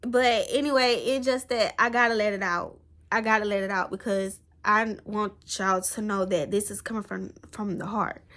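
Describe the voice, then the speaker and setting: A woman's voice: medium pitch, fairly even intonation, normal speed, a bit bright. A young woman, talking earnestly to the camera in a rambling, emotional personal vlog. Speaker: vlogger.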